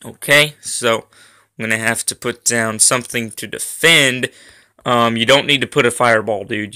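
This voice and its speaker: Bright-voiced man rambling over gameplay. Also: medium pitch, fairly even intonation, unhurried. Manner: rambling, lots of ums and uhs; irritated at lag, complaining. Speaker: gaming YouTuber. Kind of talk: gameplay commentary.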